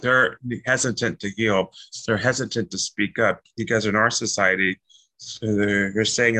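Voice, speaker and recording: A man hosting a casual spiritual chat, animated and jokey, blunt and swearing freely. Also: fairly low pitch, normal speed, rough recording.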